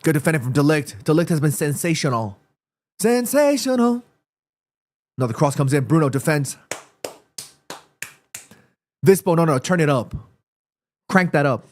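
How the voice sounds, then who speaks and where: A man with a stuffy nose hosting a live football watchalong stream, reacting excitedly to the match and reading viewers' chat messages aloud. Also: on the high side, moderate pace, pauses often.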